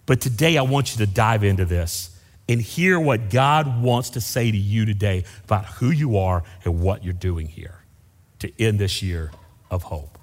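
A man's voice: on the low side, moderate pace. A man, preaching a sermon as pastor in a folksy, storytelling way. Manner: folksy storytelling, varied emphasis. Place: large church sanctuary. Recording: long reverb of a church hall.

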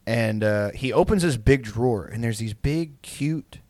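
A man's voice: medium pitch, measured pace, a little mellow, dry recording. A young man on a podcast telling a rambling, profane story in casual chat, full of likes and ums. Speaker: podcast co-host.

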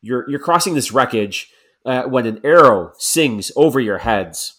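Animated male game master narrating. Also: medium pitch, measured pace.

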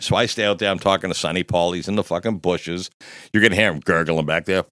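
A man's voice: low voice, a little fast, dry recording, studio quality. A man on a podcast telling a long, rambling, profane story in casual chat. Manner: profane, rambling anecdote teller. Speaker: podcast co-host.

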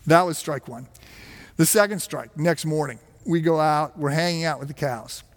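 A man's voice: on the high side, moderate pace. A middle-aged man from the United States, a pastor telling a story in his sermon, chatty, with self-deprecating humor and frequent fillers. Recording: long hall reverb.

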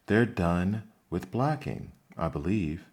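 A man's voice: low voice, lively intonation, slow pace, a little mellow, breathy edge, heavily acted. A man voicing Alice, a curious and polite young girl, in an ASMR bedtime story reading.

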